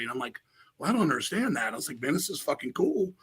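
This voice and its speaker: Loud, fast-talking husky man. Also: medium pitch, big pitch swings, low-quality recording. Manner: loud, rapid, profane storyteller, acts out quotes. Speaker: podcast guest, metal musician. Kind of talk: casual chat, storytelling.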